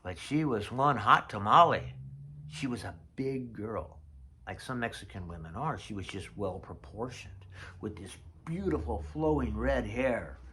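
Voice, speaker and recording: Older guy w a lowish voice rambling thru old memories, faint hum in the room. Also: expressive, a little slow, bright, forceful tone. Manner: chatty storyteller, drifts off mid-thought. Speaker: vlogger. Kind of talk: casual reminiscing vlog.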